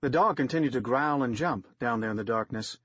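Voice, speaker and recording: Man narrating an audiobook, wry and steady. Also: mid-range voice, brisk, slightly rough, no room sound. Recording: dry, slightly dull lo-fi recording.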